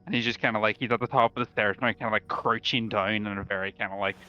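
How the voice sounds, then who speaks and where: A man's voice: on the low side, steady tone, fast talker, clear, resonant tone, dull audio, soft background music. A man playing a tabletop game, rambling with lots of fillers. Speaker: player.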